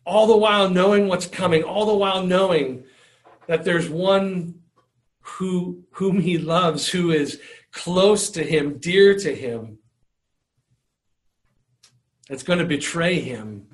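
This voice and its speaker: A man's voice: high voice, slow pace, pauses often. A man preaching a sermon in an earnest way, often repeating words and restarting his phrases. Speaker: pastor.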